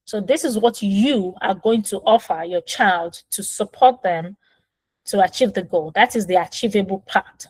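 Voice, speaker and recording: A woman's voice: mid-range voice, a little slow, dry recording, poor audio. A woman parenting coach talking through setting goals step by step, patient and explanatory, recording on her phone. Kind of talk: casual instructional talk.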